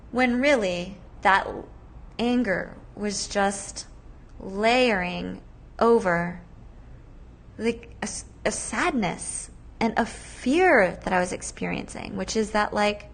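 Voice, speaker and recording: A woman in her thirties hosts a podcast, telling a personal story in a chatty, animated way full of fillers. Her mid-range voice takes things slowly.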